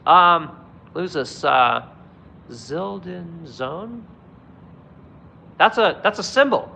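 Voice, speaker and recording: Streamer, male, gritty and raised in pitch, blunt and foul-mouthed, ranting at chat from a phone. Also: big pitch swings, a little slow, creaky, sharp tone, slight background noise, poor audio. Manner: swears constantly, blunt and heated. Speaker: live streamer answering chat. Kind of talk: angry profane political rant.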